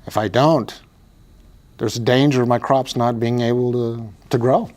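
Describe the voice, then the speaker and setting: A man's voice: mid-range voice, steady tone, moderate pace, a little mellow, natural voice. A man voicing an insistent, self-righteous male zealot who pleads stubbornly in a comic skit.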